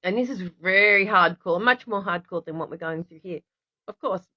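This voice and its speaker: An Australian woman hosts a casual stream, reading aloud to viewers and frequently stopping to apologize and start over. Her mid-range voice is bright and forceful at a normal speed, with no echo. The sound is dry and slightly dull, lo-fi.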